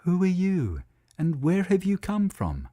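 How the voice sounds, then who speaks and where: A man voicing a wise, stern old female cow in a children's storybook, speaking in a measured way. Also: sits high, huge pitch swings, warm tone, dry recording, studio quality, pitched above the performer's own voice, full character voice. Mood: gentle. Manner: measured and commanding.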